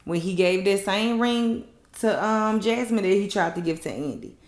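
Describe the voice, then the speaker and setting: A woman recapping a TV episode in a blunt, animated, slangy way. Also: mid-range voice, normal speed. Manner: animated, blunt, slangy storytelling with mocking quotes. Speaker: TV recap host. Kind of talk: casual recap talk. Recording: echoey room.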